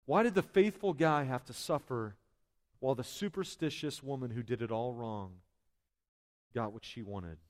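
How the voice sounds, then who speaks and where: A male pastor preaching a sermon in a conversational way, full of asides and restarts. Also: mid-range voice. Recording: long hall reverb.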